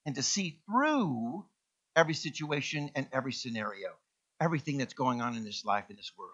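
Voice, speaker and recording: A man preaching a sermon as minister, animated and emphatic, firing off rhetorical questions to his congregation. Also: fairly high pitch, a little fast, muffled recording.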